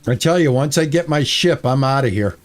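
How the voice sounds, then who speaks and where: A man's voice: mid-range voice, expressive, fairly quick, soft background music. A man streaming a game, chatting with his viewers and easily exasperated as he plays. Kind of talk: casual gameplay commentary.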